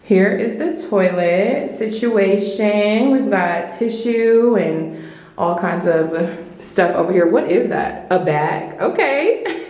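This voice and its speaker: A young woman vlogging a hotel room tour in an excited, chatty way, full of playful slang, filmed on a handheld phone. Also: medium pitch, slow. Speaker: travel vlogger. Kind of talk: casual vlog room tour.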